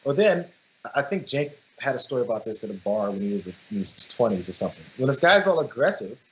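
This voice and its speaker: A man's voice: mid-range voice, sing-song, quick pace, slight background noise. A man co-hosting a political commentary show, talking emphatically and often restarting his phrases. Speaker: co-host. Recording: dull lo-fi sound.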